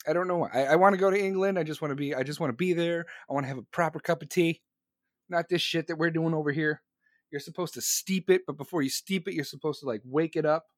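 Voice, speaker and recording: A man streaming live, chatting casually and profanely to his audience, excitable and laughing between remarks. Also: a little high, quick pace, no echo, studio quality.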